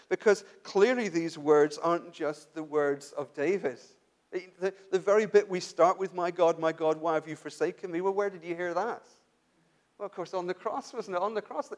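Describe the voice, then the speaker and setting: A man with a high voice preaching a sermon. He talks conversationally, restarting sentences and asking rhetorical questions, and drops to a soft, quiet voice for emphasis.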